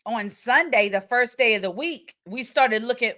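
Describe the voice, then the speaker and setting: Bright-voiced woman hosting a livestream. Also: fairly high pitch, normal speed. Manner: chatty, reads viewer comments aloud, playful. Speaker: livestream host. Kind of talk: casual livestream chat.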